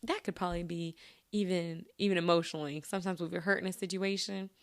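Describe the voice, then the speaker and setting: A woman's voice: fairly low pitch, fairly even intonation, quick pace. Chatty woman hosting a podcast. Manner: chatty, giggly, addresses listeners directly. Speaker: podcast host. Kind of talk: casual solo podcast chat.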